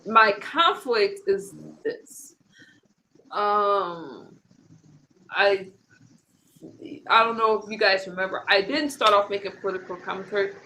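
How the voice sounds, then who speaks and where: Woman stream host, bright-toned, rambling casual chat. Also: mid-range voice, unhurried, long pauses, slight background noise, poor audio. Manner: chatty, rambling, frequent restarts. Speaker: host of a political commentary stream.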